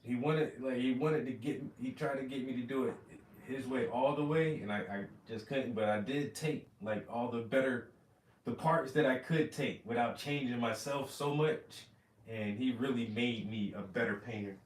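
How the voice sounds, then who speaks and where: A man hosting a painting livestream, chatting casually in animated, profane, slangy stories. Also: medium pitch, moderate pace, reverberant, distant mic, slight background noise. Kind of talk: casual chat while painting.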